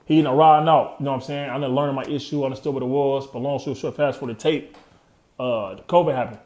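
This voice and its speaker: Speaking quickly in a mid-range, slightly mellow voice, this thirtysomething interview guest keeps his intonation fairly even. The room sounds spacious as he candidly recounts his life, full of street slang and trailing thoughts.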